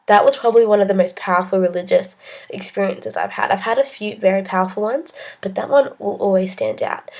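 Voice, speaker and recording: A young woman with an Australian accent speaks to camera in a vlog, sharing a personal story. Her voice is mellow and warm, sitting at an ordinary pitch for a woman. She talks earnestly and haltingly, with frequent ums and restarts. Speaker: vlogger.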